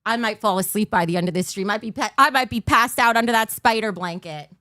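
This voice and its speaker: A woman's voice: mid-range voice, quick pace, pushed and bright, no room sound, clean studio sound. An overtired woman hosting a casual livestream, rambling and losing her train of thought. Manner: bursts into a mock auctioneer patter. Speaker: livestream host.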